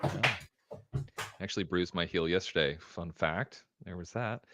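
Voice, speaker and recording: Bright-voiced laid-back man, dry sound. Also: low-pitched, unhurried, no echo. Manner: laid-back, drops to mumbles, swears casually. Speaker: guest. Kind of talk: casual live-stream chat.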